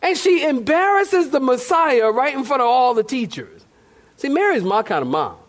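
High-pitched animated preacher, playful. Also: male voice, normal speed. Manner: animated, playful, acts out shouting voices. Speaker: pastor. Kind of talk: sermon with comic storytelling. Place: church sanctuary.

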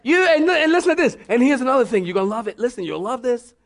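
With a very high voice, a man gives a sermon to his church as pastor. He's lively and funny, slipping into mock voices before laying out his points slowly, teacher-style.

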